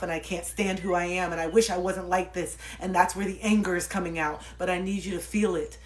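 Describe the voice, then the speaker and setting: In her thirties, this woman offers spiritual life coaching over a livestream, preaching with heavy swearing as she swings from loud outbursts to low murmurs in an impassioned monologue.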